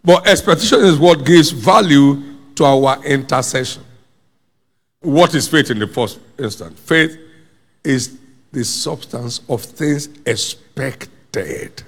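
Male preacher, emphatic sermon, lively rising pitch, slow delivery, gravelly edge, hall reverb. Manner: emphatic, repeating phrases, calls the congregation to answer.

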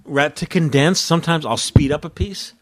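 A man's voice: a little high, normal speed, a bit bright, dry recording. Guy hosting a podcast from his studio, rambly, laughs at himself, dead dry sound. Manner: rambling, laughing, self-deprecating. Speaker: podcast host. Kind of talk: casual chat. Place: home studio.

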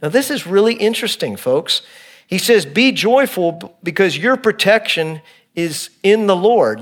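A pastor preaching in a fairly high male voice, middle-aged and earnest. He moves between emphatic points and quiet, hushed stretches as he explains a text. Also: animated, normal speed. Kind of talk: expository sermon.

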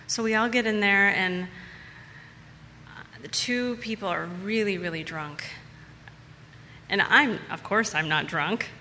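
A woman's voice: mid-range voice, takes it slowly, long pauses, bright, forceful tone, long reverb tail, slight background noise. A woman telling a personal story to a live audience in a casual, chatty way, repeating words for emphasis.

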